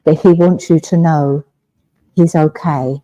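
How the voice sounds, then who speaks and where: Gentle, mellow-voiced English woman medium. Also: low voice, fairly even intonation, slow pace, highs cut off. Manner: gentle, reassuring, often asks "all right?". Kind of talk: mediumship demonstration. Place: village hall.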